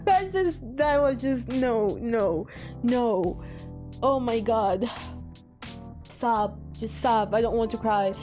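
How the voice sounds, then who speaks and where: Reaction host, female, raised pitch, slow and drawn-out, exclaims and muses aloud. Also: dark tone, soft background music. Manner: emotional, exclaiming, thinks aloud. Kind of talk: casual reaction commentary.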